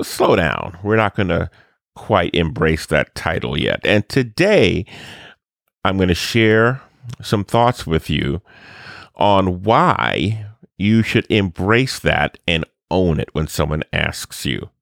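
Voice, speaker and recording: A podcast host talks in a deep, gravelly voice that moves a lot in pitch as he tells stories and acts out other people's lines. He rambles, restarting and stuttering as he goes. The recording is dry and close. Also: no room sound. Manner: animated, acts out quoted voices. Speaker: podcast host and photography teacher. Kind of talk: casual podcast monologue.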